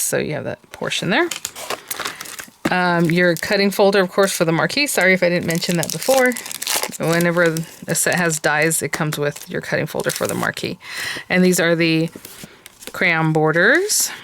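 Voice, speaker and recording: A woman talks through a craft supply unboxing, gushing over each piece with plenty of fillers. Her voice is smooth and clear, pitched a little low. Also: fairly bright tone. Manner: chatty and gushing, many fillers. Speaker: crafting channel host. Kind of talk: product unboxing and review.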